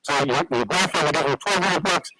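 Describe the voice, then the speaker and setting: A man's voice: on the high side, brisk, pushed and bright, a little hiss or hum, poor audio. A man telling long stories as a guest on a radio talk show, rambling with many restarts.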